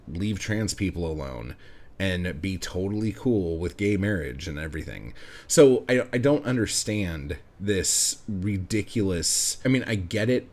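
Low-voiced man ranting with heavy swearing. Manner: swears constantly, heated and sarcastic. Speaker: podcast host. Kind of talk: profane ranting monologue.

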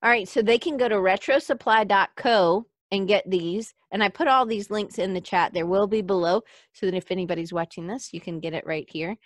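A woman's voice: medium pitch, fairly quick, no room sound, clean studio sound. A woman hosting a podcast in a casual chat, giggly and chatty, reading out listener comments. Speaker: podcast host.

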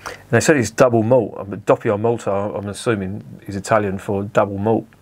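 A man's voice: lowish voice, steady tone, moderate pace. A man chatting casually at home as he reviews a beer, often correcting himself. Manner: chatty, self-correcting, swears at the camera.

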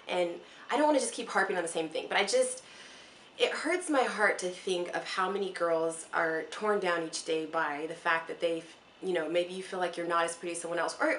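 A woman's voice: mid-range voice, fairly bright tone. Earnest young woman vlogging in echoey room. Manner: earnest, rambling and encouraging, near tears at times. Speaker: mom vlogger. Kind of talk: casual heartfelt talk to camera. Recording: echoey room with faint ambient noise.

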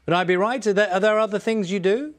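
A man presenting a breakfast news show, interviewing a guest in a brisk, jovial way. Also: high-pitched. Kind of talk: live TV interviewing.

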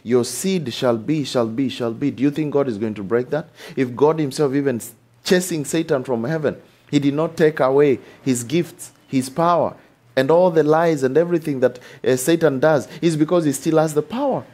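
A man preaching a sermon with animated delivery, repeating lines and asking rhetorical questions. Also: on the high side, moderate pace. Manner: acts out short dialogues in changed voices.

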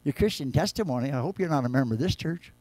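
A male pastor preaching a sermon, moving between quiet low scripture reading and loud, raised exhortation. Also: expressive, fast, no echo. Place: church.

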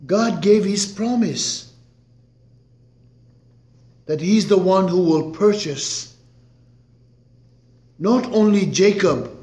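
A man preaching from the pulpit with a slightly high voice, unhurried and deliberate. He leans hard on key words, then drops almost to a murmur. The room carries a noticeable echo around him. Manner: slow, emphatic preaching with dramatic swings in loudness. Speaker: pastor. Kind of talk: sermon. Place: church sanctuary. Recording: echoey church room.

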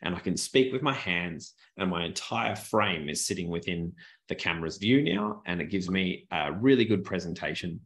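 Man, lower voice, webinar trainer, animated, shifts pace and tone, home office, desk mic. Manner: animated, varies pace and pitch deliberately. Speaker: presentation skills trainer. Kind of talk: webinar teaching. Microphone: good desk microphone.

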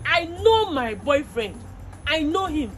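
A woman plays a loud, defensive Nigerian mother with a very high voice that leaps up and down as she scolds and accuses. Clear music runs steadily behind the web skit scene. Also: sing-song, slow pace, heavily acted. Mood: scornful. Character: loud, defensive mother shouting down her daughter. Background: background music.

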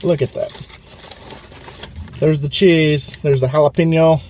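A man's voice: fairly high pitch, unhurried, a little hiss or hum. Playful man reviewing food. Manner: playful, excitable, jokey. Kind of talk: casual food review chat. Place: fast food restaurant.

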